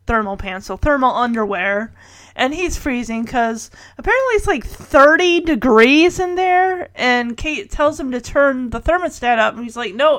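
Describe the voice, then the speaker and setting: A woman's voice: a little high, a bit bright, no room sound. A middle-aged woman casually recapping a TV episode, chatty and wry, with laughing asides. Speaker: show recapper.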